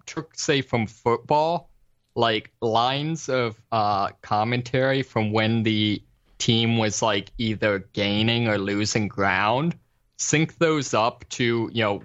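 A man's voice: mid-range voice, fairly bright tone. Rambling man in a casual chat. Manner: rambling, many fillers and restarts. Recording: slightly dull lo-fi recording.

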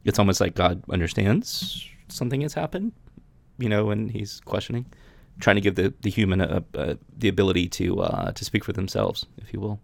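A man with a lowish, creaky voice speaks briskly, recorded without echo. As a podcast host, he reads from the Bible and discusses it casually, frequently starting his sentences over.

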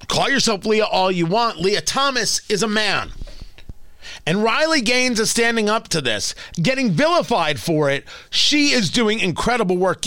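A man hosts a talk radio show with a high voice that swoops and leaps across its range. His tone is bright and forceful, his delivery emphatic and heated. The sound is dry and close, straight from a studio mic. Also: no room sound. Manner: emphatic, rising to heated exclamations. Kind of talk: opinionated talk radio monologue.

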